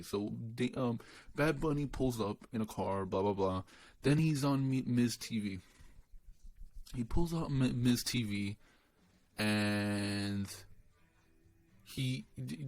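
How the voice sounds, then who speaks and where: A man's voice: on the low side, darkish tone. A young adult man giving a blunt, dismissive, profanity-laced recap of a wrestling show. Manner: blunt, dismissive, swears often.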